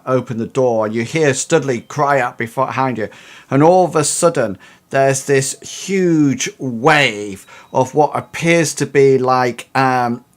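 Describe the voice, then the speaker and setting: A man narrating a tabletop role-playing game as game master, halting and full of restarts. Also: mid-range voice. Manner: hesitant, many fillers and restarts.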